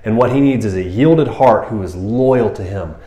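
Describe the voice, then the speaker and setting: A man giving a casual, animated sermon, talking to the listeners like friends. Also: lowish voice, moderate pace. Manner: animated, casual, keeps saying "man" and "you know". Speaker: preacher. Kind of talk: conversational sermon. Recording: roomy echo.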